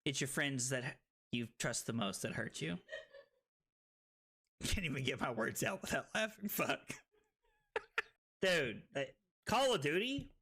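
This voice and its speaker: Brief: young female stream host, card game commentary, animated and loud, vivid pitch swings. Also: breathy edge. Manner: animated, excitable, quick to laugh and shout.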